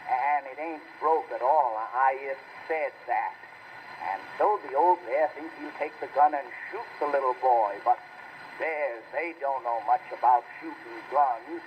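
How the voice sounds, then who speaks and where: A man's voice: medium pitch, unhurried, highs cut off, slight background noise, natural voice. A man reciting as a small boy, telling a bear story in folksy dialect with stumbling restarts. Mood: earnest rambling. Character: small boy rambling through a bear tale.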